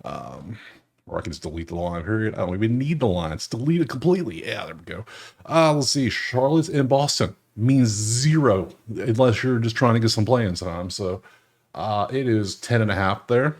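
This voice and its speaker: A man hosts a sports betting channel, casually talking through games over a screen share, joking loosely and chuckling often. His voice is fairly low, expressive, a little mellow, and moderately paced.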